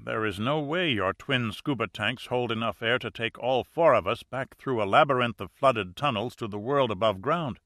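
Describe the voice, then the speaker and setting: A man voicing a gloomy, fatalistic doctor who speaks solemnly and slowly, read as an audiobook character. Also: medium pitch, fairly bright tone, dry recording, studio quality, close to an everyday voice. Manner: solemn, slow.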